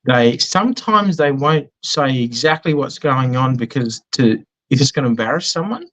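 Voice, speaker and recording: A man's voice: mid-range voice, lively intonation, normal speed, a bit bright, rough recording. An Australian man chatting in an interview, telling anecdotes in a self-deprecating way. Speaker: business guest. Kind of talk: casual conversational interview.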